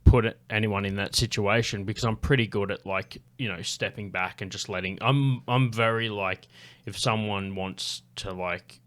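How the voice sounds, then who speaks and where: Man, lowish voice, casual podcast chat, rambling, swears a lot, many fillers. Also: steady tone, normal speed, a bit bright. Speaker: podcast guest.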